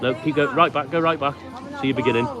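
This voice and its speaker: A man talks fast in a steady, mid-range voice while live-streaming his walk along town streets at sunset. There's a crowd in the background and faint street noise as he chats and greets viewers by name.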